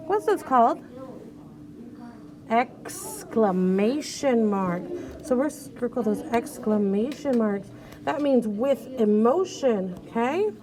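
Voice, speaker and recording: Sounding out each letter one at a time, a woman teacher guides young children through reading with patient encouragement. Her voice sits high.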